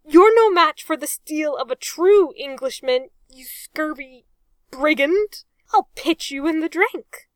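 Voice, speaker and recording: A woman voicing a hot-headed young English naval officer who shouts and boasts loudly in a storybook reading. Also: very high voice, wildly swooping pitch, extremely slow, long pauses, no room sound, pitched above the performer's own voice, full character voice. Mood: boastful. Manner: loud, indignant shouting.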